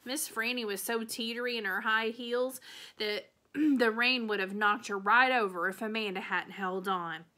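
A woman's voice: fairly high pitch, normal speed. A woman teacher reading the last chapter of a children's novel aloud, telling it expressively. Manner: expressive storytelling, changing voices for characters.

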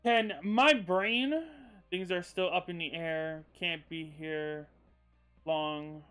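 High-voiced, unhurried male streamer. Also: steady tone, clean tone, faint music behind. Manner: rambling, swears freely, cheerful shout-outs to viewers. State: loopy after a sneezing fit. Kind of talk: casual live-stream chat.

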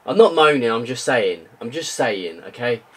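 A man's voice: medium pitch, big pitch swings, moderate pace, breathy edge. A young man giving frustrated, ranting gameplay commentary that swears and repeats itself. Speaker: gaming video creator. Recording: faint music behind.

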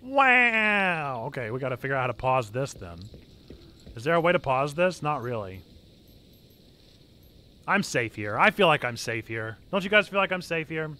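A man's voice: mid-range voice, big pitch swings, normal speed, pushed and bright. A man hosting a livestream, chatting casually and reading aloud to his audience with self-mocking humor. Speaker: livestream host. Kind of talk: casual game stream chat. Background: game music.

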